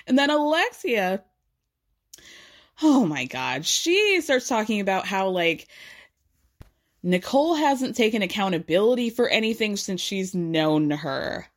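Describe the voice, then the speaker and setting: A woman's voice: medium pitch, big pitch swings, measured pace. A young adult woman giving a casual, gossipy and sarcastic recap of a reality show episode.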